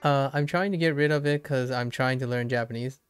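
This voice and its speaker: This is a young man with a slight Southern American accent, talking in a casual, rambling way. He laughs easily and drifts into musing, and his voice stays smooth and even. Faint music plays softly behind him. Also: medium pitch, fairly quick, no room sound. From Southern United States. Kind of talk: casual chat.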